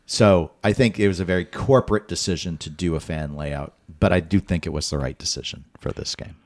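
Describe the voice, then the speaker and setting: A man's voice: low voice, a little fast, darkish tone, no echo. A man co-hosting a gaming podcast in casual chat, rambling and chatty. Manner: rambling, chatty, laughs often. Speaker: podcast co-host.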